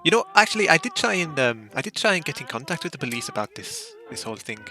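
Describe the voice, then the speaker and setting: A man's voice: a little high, very animated, fast, sharp tone, voice pushed up, exaggerated voice. A man voicing a fretful middle-aged manor owner, polite and hesitant, full of ums.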